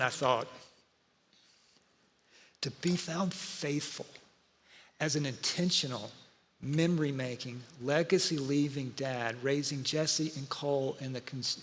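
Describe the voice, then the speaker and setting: A man, preaching a sermon full of stories and speaking straight to his congregation in a lively, conversational way. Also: fairly high pitch, moderate pace. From Georgia, USA. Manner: animated, conversational, talks to the audience. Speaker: pastor. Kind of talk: sermon with storytelling. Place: church auditorium. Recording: live church hall with long reverb.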